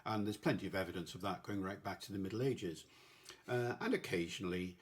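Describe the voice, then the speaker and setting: An older man from Wales, a linguist explaining ideas in a measured way during a relaxed podcast discussion. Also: low-pitched, husky. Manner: measured, explanatory, with ready laughs. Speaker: linguist guest. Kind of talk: casual discussion.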